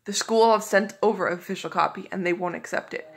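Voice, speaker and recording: A woman's voice: medium pitch, fast, creaky, slightly rough. A woman vlogging in a casual storytelling style, recounting a run of phone calls with frustration and exasperation. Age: adult.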